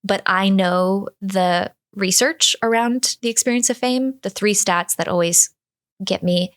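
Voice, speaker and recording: A woman's voice: mid-range voice, a little slow. A woman in her thirties, a guest in an interview, talking candidly and reflectively, often restarting her thoughts. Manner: reflective, speaks in drafts with restarts.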